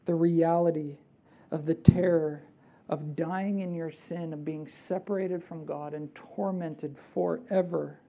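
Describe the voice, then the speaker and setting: Animated woman preaching a sermon. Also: low-pitched, takes it slowly. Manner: animated and conversational, with rhetorical questions; drops to a hushed, earnest voice for emphasis.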